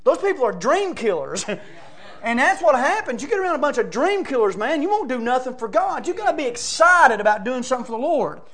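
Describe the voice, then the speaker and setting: A man. He tells stories in a folksy, excitable way and now and then climbs to shouting. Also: very high-pitched, a little fast. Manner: excitable storytelling, rising to shouts; folksy, says "man" and "brother" often. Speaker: preacher. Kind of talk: sermon.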